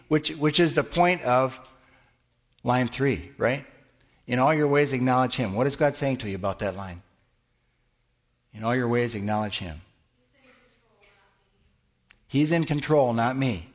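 At a measured pace with long pauses, the middle-aged male pastor preaches in a mid-range voice. His conversational teaching in church involves asking the congregation questions and answering them.

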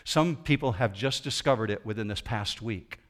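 A man's voice: lowish voice, moderate pace. Man preaching a sermon. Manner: preaching with swings between loud emphasis and quiet intensity. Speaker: pastor. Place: church auditorium.

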